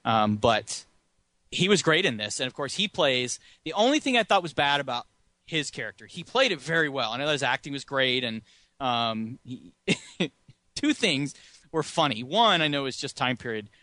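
A man's voice: mid-range voice, sing-song, moderate pace, pushed and bright, no room sound. A man co-hosting a podcast, rambling through casual movie chat and chuckling often. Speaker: podcast co-host.

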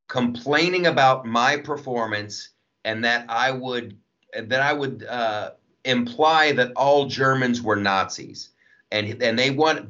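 Animated, joking comedian man. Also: medium pitch. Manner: animated, jokey, acts out quoted voices. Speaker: comedian guest. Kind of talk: casual interview chat. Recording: dull lo-fi audio.

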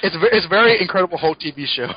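Excited man recapping comics, dull mic. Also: sits high, racing, crowd noise. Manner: excited, laughs often, acts out quotes. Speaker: podcast co-host. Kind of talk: casual chat, recapping a comic.

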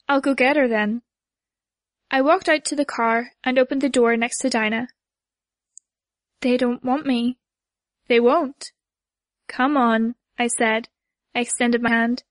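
A woman narrating a first-person story in a measured way, voicing the dialogue lightly. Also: a little high, dry recording. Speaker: audiobook narrator.

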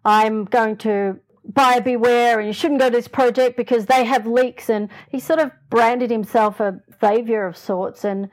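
Older lady guest, slightly high voice, chatty, acts out quotes, laughs a lot. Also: a little slow. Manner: lively, acts out quoted lines, laughs often. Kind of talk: casual interview storytelling.

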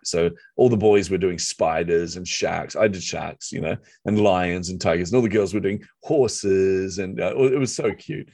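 A middle-aged man with a New Zealand accent, telling a personal story in a lively, self-deprecating way during a conversation. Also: deep voice, normal speed, gravelly, no echo, clean studio sound. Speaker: author and marketer, guest.

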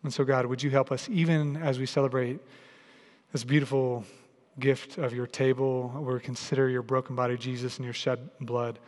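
A man preaching a sermon and leading a prayer in a large church, in an earnest, repetitive cadence that grows softer in prayer. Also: mid-range voice, little pitch movement, normal speed. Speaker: pastor. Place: large church hall with a congregation. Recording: long reverb of a large church hall.

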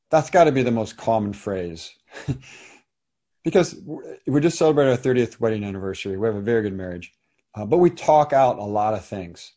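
Mellow, husky-voiced middle-aged man explaining. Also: medium pitch. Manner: thoughtful, explanatory, with frequent restarts and small laughs. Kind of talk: explaining psychology in casual talk.

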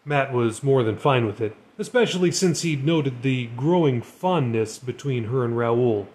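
A man narrating a Christian novel chapter in a steady storytelling reading. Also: mid-range voice, measured pace, a little hiss or hum. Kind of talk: live audiobook reading.

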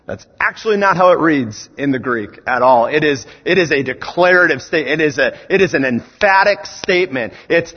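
Husky, animated male preacher in a hall. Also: medium pitch, a little slow. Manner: emphatic, rhetorical questions, rising to rallying calls. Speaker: student ministries director preaching. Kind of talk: sermon. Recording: echoey hall, dull lo-fi sound.

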